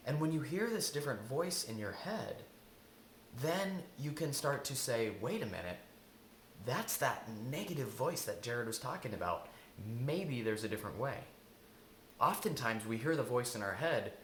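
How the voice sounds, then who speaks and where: A man's voice: mid-range voice, fairly bright tone, reverberant, a little hiss or hum. A man giving an earnest self-help talk as an intuitive eating coach, repeating key lines for emphasis.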